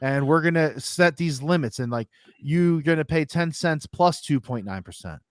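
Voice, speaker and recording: A man's voice: fairly high pitch, expressive, moderate pace, no echo, clean studio sound. A man, an easygoing podcast co-host who chimes in with explanations in casual chat.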